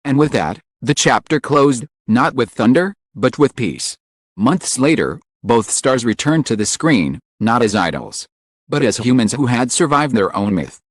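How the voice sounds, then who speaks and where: Male narrator, dramatic script read with wide pitch swings, dry close sound. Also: dry recording. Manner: solemn, lingering emotional phrasing. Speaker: channel narrator.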